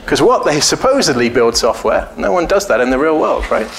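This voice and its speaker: A man's voice: a little high, big pitch swings, a little fast, gravelly, a little hiss or hum. A man giving a casual conference talk, informal and joking, blunt and often profane. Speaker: conference speaker. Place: conference hall. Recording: echoey hall with faint ambience.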